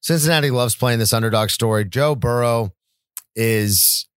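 A young man co-hosts a casual sports podcast in a relaxed, rambling way and mostly agrees with his partner. His voice has a middle pitch. The recording is dry, with no room sound. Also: normal speed, clear, resonant tone, no echo. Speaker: podcast co-host.

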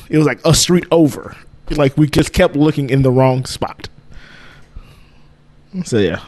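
A man's voice: mid-range voice, moderate pace, long pauses, darkish tone. A man co-hosting a podcast, telling a long rambling story in casual chat and laughing often. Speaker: podcast co-host.

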